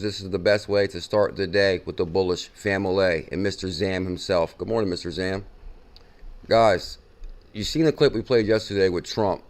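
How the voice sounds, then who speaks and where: Man, crypto show host, fairly low voice, excitable, casual chatty delivery, repeats himself for emphasis. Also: normal speed. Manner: excitable, repeats and reacts to a played clip. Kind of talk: casual chat.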